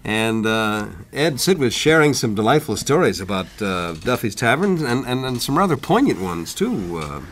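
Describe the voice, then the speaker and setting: A man's voice: medium pitch, sing-song, normal speed, hardly any pauses. Hesitant male radio host. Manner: hesitant, uh-filled, supportive interjections. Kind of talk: radio interview hosting.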